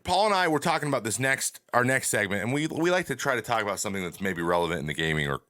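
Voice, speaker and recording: A man hosting a casual gaming podcast, telling stories with animated asides. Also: fairly low pitch, racing, no echo. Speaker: podcast host.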